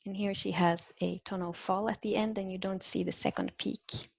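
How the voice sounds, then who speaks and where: A woman presents a research talk over a video call. She pauses on fillers and restarts her phrases, and a gravelly edge runs through her voice. The mic is close and dry. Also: mid-range voice, steady tone, dry recording. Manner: hesitant, many fillers and restarts. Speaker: invited linguistics speaker. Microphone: computer microphone on a video call.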